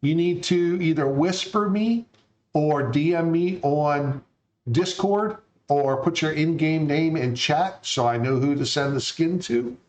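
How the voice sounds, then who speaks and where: A man's voice: on the high side, unhurried, poor audio. Laid-back rambling male stream host. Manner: relaxed, rambling, lots of fillers. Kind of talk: casual live-stream chat.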